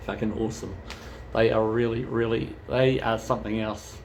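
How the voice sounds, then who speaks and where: A man's voice: on the low side, little pitch movement, moderate pace, gravelly, slight background noise. A man chatting casually as a travel vlogger, rambling and swearing freely. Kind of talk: casual chat.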